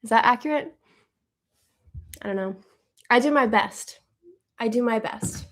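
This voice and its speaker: An upbeat woman hosts a live stream, answering viewer questions in a loose, chatty way. She thinks out loud and keeps the talk relaxed and friendly. Her voice sits somewhat high. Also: unhurried.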